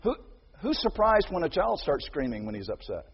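Husky preacher guy, high voice swinging all over, dull sound with long church-hall echo. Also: normal speed, a crowd in the background. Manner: animated storytelling, acts out quotes, rising to near shouts. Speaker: pastor. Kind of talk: sermon.

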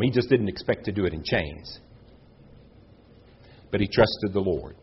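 A man delivers a sermon with earnest conviction, pausing for effect and pushing his voice up on key questions. His voice has a husky edge, and the recording sounds slightly dull and muffled. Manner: earnest, with dramatic pauses and rises in pitch. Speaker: preacher.

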